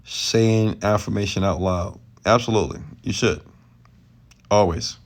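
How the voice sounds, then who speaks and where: Passionate low-voiced man streaming from bed. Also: steady tone, a little slow. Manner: passionate, raises his voice often; loose, rambling, off the cuff. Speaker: entrepreneur and mentor, stream host. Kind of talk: late-night live Q&A, motivational rant. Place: lying in bed at home at night.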